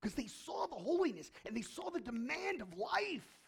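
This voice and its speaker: A middle-aged male pastor preaching and praying, swinging from hushed whispers to loud emphatic bursts. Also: very high-pitched, very animated, normal speed, creaky. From Irish heritage. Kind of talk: sermon and prayer.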